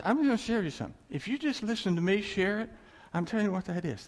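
A man's voice: high-pitched, lively intonation, fast talker. A man preaching an informal sermon in a folksy way, repeating his points and chuckling between phrases.

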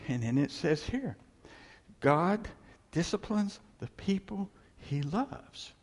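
A man preaching a sermon as pastor, animated and conversational, with folksy asides to the congregation. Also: high voice, slow, slightly rough, big-room sound.

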